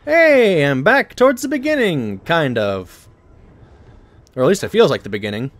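A man's voice: fairly high pitch, big pitch swings, normal speed, no room sound. Chatty man streaming a horror game. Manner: chatty, self-deprecating. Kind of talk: live gameplay commentary.

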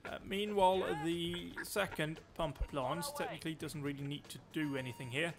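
A man calls out orders in live gameplay commentary, excitable and loud. His voice sits a little high. Faint game music plays underneath. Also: moderate pace. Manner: excitable, talks loud, quips at himself. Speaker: streamer.

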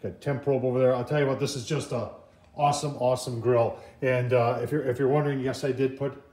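A man's voice: medium pitch, steady tone, quick pace, darkish tone. A man giving a casual, folksy how-to walkthrough as he puts together a product, talking to viewers as "folks". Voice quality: folksy, chatty, lots of "folks" and "I tell you what". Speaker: product reviewer. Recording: roomy echo.

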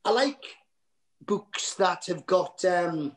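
A man's voice: high-pitched, animated. Geordie man telling rambling stories. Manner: rambling, restarts and fillers, quick to laugh at himself. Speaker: guest comedian. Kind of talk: anecdotal podcast chat.

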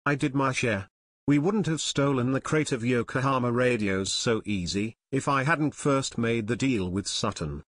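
A bald, quarrelsome thug in his thirties who grumbles and defends himself, as a male narrator puts him on. The storybook voice is dry and close, at a middle pitch. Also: moderate pace, fairly bright tone, no echo, natural voice. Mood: defensive.

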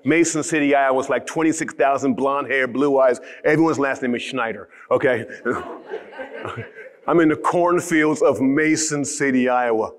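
A middle-aged man from Ohio giving a motivational keynote, telling stories with animated, shouted emphasis. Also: mid-range voice, a little slow. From Columbus, Ohio. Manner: animated, shouting storyteller with rising emphatic lines. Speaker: motivational speaker.

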